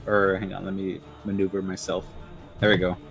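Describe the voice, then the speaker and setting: A man's voice: sits low, completely flat delivery, fairly quick, creaky, a bit bright, soft background music. Laughing young man playing a tabletop game. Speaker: player. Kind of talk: casual chat while playing.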